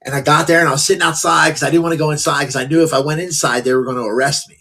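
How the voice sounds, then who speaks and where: Husky man telling his story casually. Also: fairly high pitch, steady tone, racing, sharp tone. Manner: casual, many fillers like "like" and "um". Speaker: podcast guest. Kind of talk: candid conversational storytelling.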